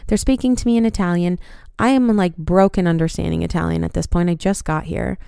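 Smooth-voiced woman telling a story. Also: on the low side, brisk, dry recording, clean studio sound. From United States. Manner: animated, frequent swearing. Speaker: podcast host. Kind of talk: casual storytelling.

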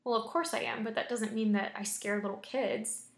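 A woman's voice: a little high, steady tone, normal speed, vocal fry. A woman voicing a friendly male monster who lives under a child's bed, speaking in a mild, matter-of-fact way. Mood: plain. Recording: roomy echo.

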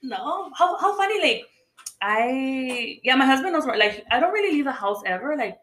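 A woman's voice: high voice, very animated, normal speed, a bit bright, roomy sound. A woman in her thirties co-hosting a casual podcast chat, saying "like" a lot and switching into Spanish. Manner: chatty, says "like" a lot, mixes in Spanish. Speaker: podcast co-host.

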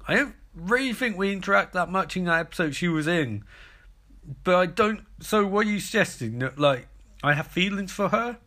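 A man's voice: high voice, animated, moderate pace, bright, forceful tone. A man voicing an exasperated middle-aged male cop who scolds in incredulous, rising protests. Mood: defensive.

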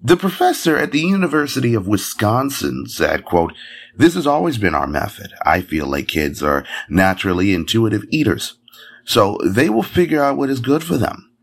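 Male news podcast host, casual and joking, lively swoopy delivery. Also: lowish voice, normal speed, slight background noise. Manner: jokey, chatty asides with fillers.

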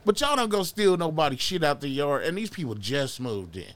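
A man's voice: a little high, big pitch swings, fairly quick. Slangy, profane storytelling man. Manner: loose, slangy, heavy swearing, acts out quotes. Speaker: podcast guest. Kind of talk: casual storytelling.

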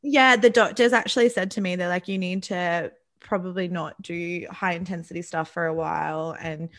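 A young woman co-hosting a podcast, rambling through casual stories in a chatty, animated way. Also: lowish voice, normal speed. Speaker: podcast co-host. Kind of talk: casual chat.

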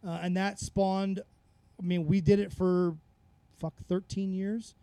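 A man's voice: high voice, little pitch movement, takes it slowly, warm tone, clear, resonant tone, no room sound. A man, a podcast guest, telling rambling, profane stories in a casual chat on a close mic. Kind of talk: casual conversational storytelling.

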